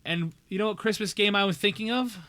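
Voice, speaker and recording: Fast-talking, with a high voice and sharp tone, a young man live-streams a game and chats casually with his viewers. He jokes playfully, talks straight to chat, and slips into mock outrage.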